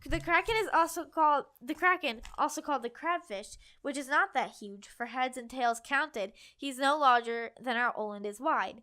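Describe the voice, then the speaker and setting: Smooth-voiced young woman reading passages aloud. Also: high voice, moderate pace, few pauses, pushed and bright. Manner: chatty, lots of "like", insistent when reading. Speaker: co-host.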